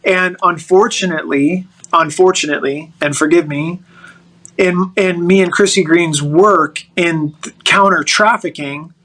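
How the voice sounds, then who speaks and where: Middle-aged male guest, high and bright, animated storyteller who restarts his sentences. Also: unhurried, poor audio. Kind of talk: personal storytelling in a podcast interview.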